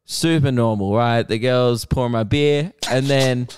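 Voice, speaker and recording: A man's voice: medium pitch, measured pace, a little mellow, clear, resonant tone, dry recording, studio quality. A man and comedian co-hosting a podcast, telling a story in casual chat and acting out the other voices in it while swearing freely.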